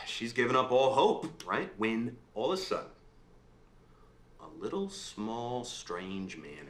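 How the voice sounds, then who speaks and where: An actor playing a man who tells a child a fairy tale in a lively bedtime-story way, stretching out words for effect. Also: medium pitch. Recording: roomy echo.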